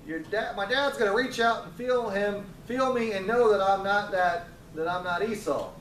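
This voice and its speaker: Picture a man playing a nervous young son caught in a trick, pleading and fretful, with a high-set male voice. The sound is roomy and set back, over a faint hum. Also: moderate pace, a bit bright. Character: anxious younger son, a reluctant deceiver. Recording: roomy, distant, faint ambience.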